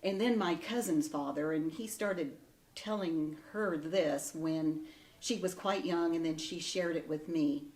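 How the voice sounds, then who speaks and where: A woman's voice: deep voice, a little slow. Distant woman giving encouraging advice. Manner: storytelling, gentle and encouraging. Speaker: ceremony speaker. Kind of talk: heartfelt advice speech. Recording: echoey room, distant mic.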